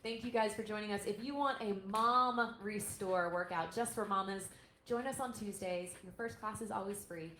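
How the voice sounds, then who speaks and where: A woman's voice: mid-range voice, moderate pace, bright, forceful tone. A woman yoga instructor in her thirties, guiding a parent-and-child stretch class with upbeat, encouraging cues. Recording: echoey room with faint noise.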